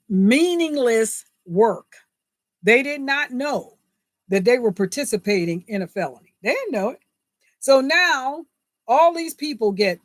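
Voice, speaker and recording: A woman's voice: a little high, no echo, clean studio sound. A woman talking straight to her viewers in a casual, indignant vlog monologue, often laughing through her words and asking "right?". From United States. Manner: animated, indignant, laughs mid-sentence, asks rhetorical "right?". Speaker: vlogger, channel host.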